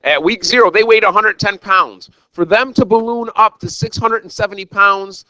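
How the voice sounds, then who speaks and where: A man's voice: high-pitched, normal speed, sharp tone, dry recording, poor audio. A man teaching a recorded algebra lesson, talking straight to his students in an exuberant, jokey, self-mocking way. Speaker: math teacher.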